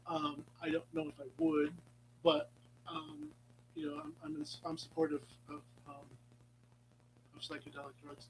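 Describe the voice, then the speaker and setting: A man's voice: a little high, big pitch swings, moderate pace, gravelly, long pauses, a little hiss or hum, low-quality recording. A man hosting a casual live chat with viewers, meandering and playful, with many ums and restarts, sometimes dropping to a whisper. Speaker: live stream host.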